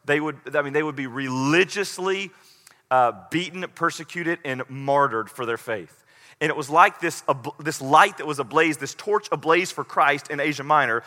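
Brief: middle-aged male pastor, high bright voice, earnest, echoing hall. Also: normal speed. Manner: earnest, rising to pleading intensity. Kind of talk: sermon.

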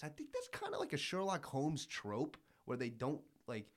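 A man's voice: on the high side, moderate pace, hardly any pauses. A young man in casual podcast chat, eagerly retelling scenes and acting out the characters' lines. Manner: excitable, acts out quotes, swears casually. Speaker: podcast co-host. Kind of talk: casual anime recap chat.

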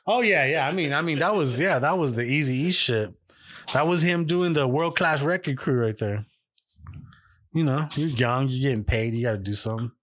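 A man's voice: medium pitch, moderate pace, a bit bright. A man co-hosting a podcast, rambling through a profane story in casual chat and acting out the quoted voices. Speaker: podcast co-host.

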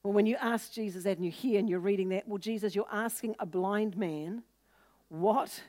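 A woman's voice: moderate pace, a little mellow. Earnest woman preacher retelling scripture. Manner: earnest, teaching with scripture stories; voices quoted people with lifted pitch and force. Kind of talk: sermon.

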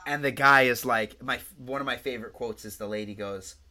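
A man co-hosting a podcast in casual chat, telling stories in a rambling, profane, animated way. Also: medium pitch, brisk. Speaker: podcast co-host.

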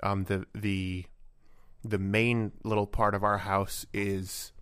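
A man's voice: fairly low pitch, little pitch movement, slow pace, a bit bright, smooth, no room sound. A man co-hosting a casual podcast, with dry teasing humor. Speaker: podcast co-host. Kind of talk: casual chat.

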